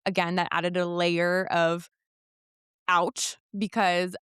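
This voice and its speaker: A young woman talks through a personal story in a relaxed podcast chat. She keeps the telling candid and lively and slips into the voices of the people she quotes. The sound is close and dry. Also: on the low side, takes it slowly, clean tone, no room sound. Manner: candid, animated retelling with quoted dialogue. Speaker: podcast guest. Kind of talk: casual storytelling conversation.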